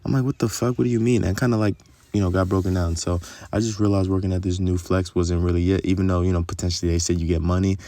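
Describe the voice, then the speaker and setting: A man's voice: sits low, level tone, fast, dark tone, dry recording. A young man telling a long, rambling story in casual, profane vlog talk, full of fillers.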